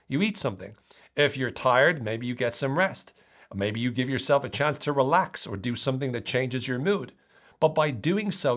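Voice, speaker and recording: A man explaining self-help strategies to the camera in an earnest, steady way. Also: medium pitch. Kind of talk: talking-to-camera lesson.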